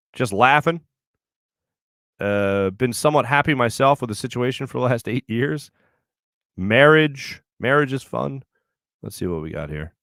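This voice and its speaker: A man's voice: medium pitch, fairly bright tone, no echo, studio quality. A man in his thirties hosting a sports show, chatting loosely, laughing often and telling rambling stories. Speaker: sports radio host. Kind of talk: casual chat reading viewer comments. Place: studio.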